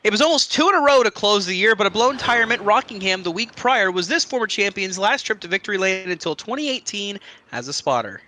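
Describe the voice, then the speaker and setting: A man hosting a casual online trivia game, joking with players and reading clues quickly. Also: sits high, animated, pushed and bright.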